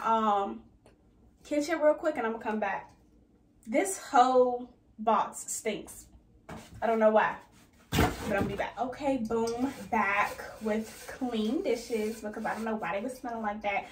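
A young woman in her twenties talks through her bathroom organizing in a chatty, slangy vlog style. She is animated and jumps to high squeals now and then. Her voice sits a bit high, and it bounces around an echoey room with a faint hiss behind it. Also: normal speed. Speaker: lifestyle vlogger. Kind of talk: casual organizing vlog chat. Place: bathroom at home.

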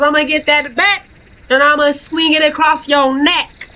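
A woman streaming a horror game, commenting in a playful, slangy, trash-talking way and breaking into excited shouts. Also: high-pitched, measured pace. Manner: excitable, bursts into laughing shouts. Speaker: gaming streamer. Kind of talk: let's play commentary.

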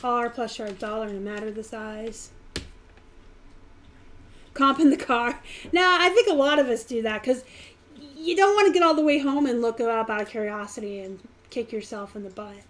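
A woman hosting a casual live stream, talking in a chatty, animated way with bursts of fast talk. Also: fairly high pitch, a little hiss or hum. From Pittsburgh area, US. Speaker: live stream host, reseller.

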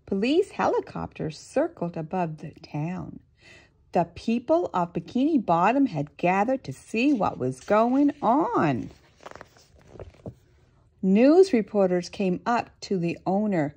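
Animated woman reading a storybook aloud. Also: medium pitch, a little slow, breathy edge. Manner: expressive, animated, playful asides. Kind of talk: reading a picture book aloud to children.

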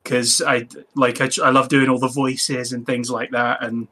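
Bright-voiced chatty young man, podcast guest. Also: mid-range voice, little pitch movement, normal speed. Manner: chatty, laughs often, restarts sentences. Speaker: podcast guest, game master. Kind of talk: casual podcast chat.

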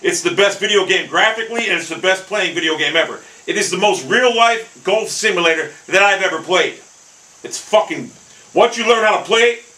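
A man commentating his own golf video game play, swearing constantly and bursting into frustrated shouts. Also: sits high, slight background noise, low-quality recording. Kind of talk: casual gameplay commentary.

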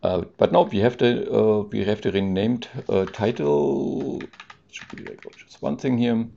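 A man's voice: mid-range voice, unhurried, vocal fry, warm tone, a little hiss or hum. A man doing a casual live-coding stream, thinking aloud with many ums and restarts and answering chat questions with amusement. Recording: dull lo-fi stream audio.

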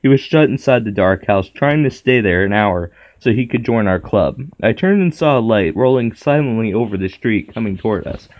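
A man reading a children's horror book aloud in a steady first-person storytelling manner. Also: lowish voice, normal speed, few pauses, dull audio. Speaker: narrator.

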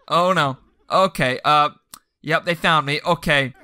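A man doing goofy, dark-humored let's play commentary, bursting into laughs and yelps. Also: on the high side, moderate pace, dry recording. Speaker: gaming YouTuber.

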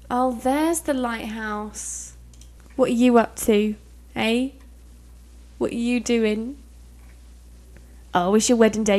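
A young British woman giving chatty, giggly let's play commentary on a life simulation game, swearing now and then. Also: fairly high pitch. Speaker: gaming YouTuber.

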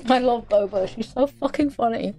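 A woman's voice: on the high side, a little slow, darkish tone, soft background music. A woman chatting casually in a gleeful, giggly way, swearing as she talks. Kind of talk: casual chat.

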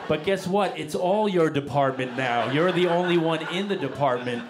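A man's voice: a little high, normal speed, hardly any pauses. A man, performing a self-deprecating stand-up set on a comedy club stage with a handheld mic. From Queens, New York. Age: 40s. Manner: wry, self-deprecating, deadpan delivery. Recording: live club recording with audible crowd noise. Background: audience laughter and club noise.

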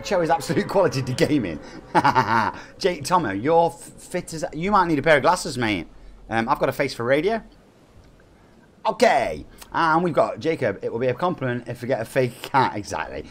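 A man's voice: mid-range voice, slight background noise. A man in his forties with an East Midlands English accent, chatting upbeat with viewers and reading out their names during a live game stream. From England. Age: 40s.

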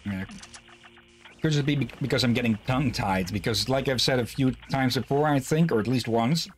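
A man's voice: medium pitch, moderate pace, slight background noise. Rambling man narrating a game stream. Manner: rambling, self-deprecating, frequent restarts. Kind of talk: casual let's-play commentary.

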